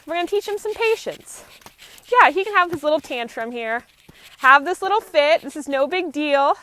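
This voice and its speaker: A woman horse trainer with a high, bright voice talks through her work outdoors. She keeps her tone calm and low-key and explains each step as she goes. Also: normal speed. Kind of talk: live training commentary.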